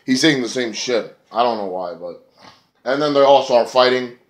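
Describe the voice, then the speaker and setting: A man at an ordinary mid pitch rambles through a casual wrestling review, swearing freely and padding his talk with filler words. He sounds sick and snotty as he goes. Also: moderate pace. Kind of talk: casual spoken review vlog.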